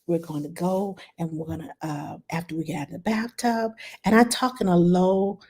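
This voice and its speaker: Lively, chatty woman giving baby advice. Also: moderate pace, slightly rough. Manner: animated, expressive, drops to a low soothing voice at times. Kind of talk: casual advice talk.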